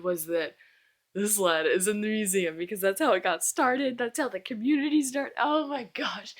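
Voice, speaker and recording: A young book vlogger with a medium-pitched voice reviews a book series in a casual vlog. She gushes and exclaims with fangirl excitement.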